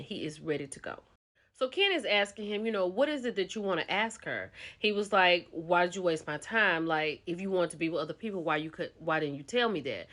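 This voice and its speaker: Woman, lively swooping delivery, bright tone, casual show recap. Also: lowish voice. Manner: chatty, animated storytelling with quoted lines.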